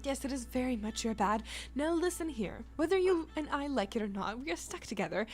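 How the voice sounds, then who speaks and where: A woman's voice: high-pitched, expressive, a little fast, soft background music. A woman voicing a haughty, grandiose male talking spellbook in a game, indignant and old-fashioned in phrasing. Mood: lofty. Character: pompous haughty male magic talking book. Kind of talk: reading game dialogue aloud.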